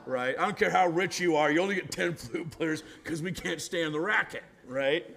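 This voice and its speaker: A man, a pastor, preaching a storytelling sermon, acting out quoted voices and often adding "right?", sometimes dropping to a hushed, gentle voice. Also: on the high side, normal speed, vocal fry. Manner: drops to a hushed, gentle voice for tender moments.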